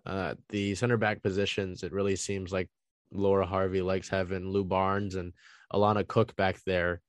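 A man's voice: low-pitched, flat delivery, moderate pace, no echo. A man giving a casual solo recap of soccer trades, talking through his thoughts with frequent ums and uhs. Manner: conversational, frequent ums and uhs, thinking aloud.

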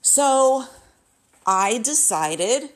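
A woman's voice: fairly high pitch, animated, drawn-out words. Candid woman in her fifties, storytelling. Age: 50s. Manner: candid, emotional, repetitive retelling. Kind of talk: casual personal storytelling.

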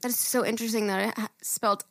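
A woman co-hosting a podcast in casual chat, excitable, laughing a lot and swearing freely. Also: a little high, racing, no echo, studio quality. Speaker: podcast co-host.

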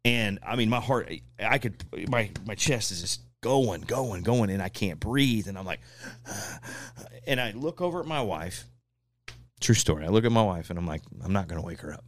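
A man's voice: on the low side, moderate pace, a little hiss or hum. A middle-aged man, telling a personal story as a podcast guest and acting out what others said. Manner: animated, acts out what others said. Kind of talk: casual storytelling.

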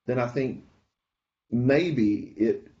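A man co-hosting a podcast, talking earnestly and slowing down to stress his points. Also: mid-range voice, dark tone, muffled recording. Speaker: podcast co-host. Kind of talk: casual chat.

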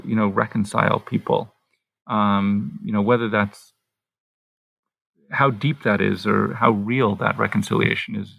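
A man, an author, answering interview questions in a thoughtful, halting way, pausing and restarting as he thinks aloud. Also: lowish voice, gravelly, breathy edge, no room sound.

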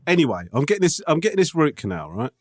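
A man's voice: on the high side, big pitch swings, quick pace, no echo, studio quality. A man co-hosting a casual podcast, telling a story, swearing and laughing often. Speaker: podcast co-host.

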